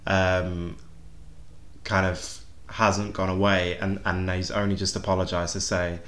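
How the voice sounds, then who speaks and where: A man's voice: deep voice, flat delivery, measured pace, a bit bright. A man hosting a casual chat, often repeating words as he gathers his thoughts.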